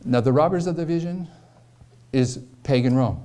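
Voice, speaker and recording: Man, preacher, prophecy lecture, mellow warm tone, emphatic explaining. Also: medium pitch, moderate pace. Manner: explains with repeated questions and emphasis.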